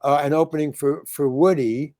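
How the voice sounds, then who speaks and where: A man's voice: a little high, fairly even intonation, moderate pace, warm tone, dry recording, clean studio sound. An older man, a comedian and actor, telling rambling stories with many restarts and acting out the lines he quotes. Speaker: comedian and actor, interview guest. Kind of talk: rambling storytelling in conversation.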